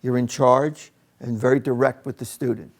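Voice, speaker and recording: A man with a gravelly edge to his voice leads a classroom demonstration. He keeps his tone calm and direct, explaining discipline techniques to the teachers watching. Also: mid-range voice, moderate pace. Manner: calm and direct, speaks to the room. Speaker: teacher trainer.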